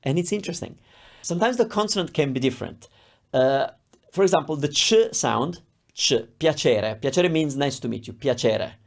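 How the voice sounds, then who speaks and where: A man from Rome with an Italian accent, teaching an online Italian lesson and slowly modeling pronunciations in a reassuring, explanatory way. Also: a little high, lively intonation, vocal fry. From Italy, Rome area.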